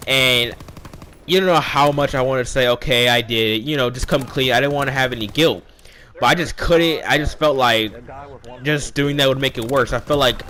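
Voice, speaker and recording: A young man with a bright, forceful voice tells a personal story in a loose, casual way. He rambles and acts out the dialogue of the people in it. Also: medium pitch, normal speed. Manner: rambling, animated retelling with quoted dialogue. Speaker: vlogger.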